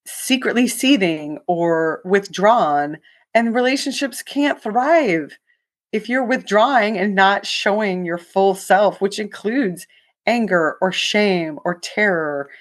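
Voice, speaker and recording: A woman's voice: medium pitch, animated, unhurried. A woman author being interviewed on the radio, telling her story candidly and with animation, often acting out dialogue. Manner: acts out quoted dialogue. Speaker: author guest.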